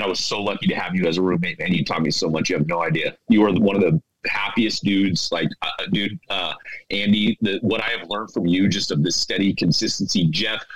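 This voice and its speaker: A man talking through tears to his former teammates, stumbling and repeating words as emotion rushes in. His voice sits a little low, and the delivery is raw and heartfelt rather than polished. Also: fairly bright tone, no room sound, poor audio. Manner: choked up, halting, repeats himself. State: tearful.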